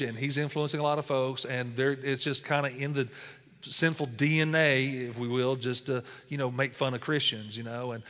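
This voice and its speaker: A man's voice: on the high side, a bit bright, big-room sound. A man preaching a sermon as pastor, speaking conversationally with lots of "you know" fillers.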